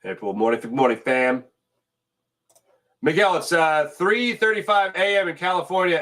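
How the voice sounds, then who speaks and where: Animated, chatty sports-show host man. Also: fairly high pitch, moderate pace. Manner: animated, chatty, reads sponsor spots and viewer comments. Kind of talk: casual live-stream chat reading comments.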